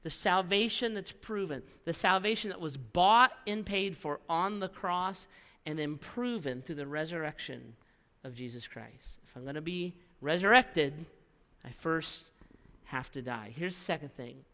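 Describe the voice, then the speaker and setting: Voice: medium pitch, animated, measured pace, fairly bright tone, big-room sound. A pastor preaching a sermon, telling a story with repeated phrases and frequent "right?" tags.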